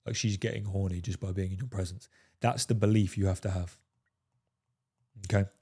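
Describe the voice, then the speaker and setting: A man with a low, mellow, dark voice delivers a coaching monologue to his viewers. He talks emphatically and curses freely, tagging his points with "fellas" and "right?". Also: steady tone, moderate pace, husky. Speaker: dating coach.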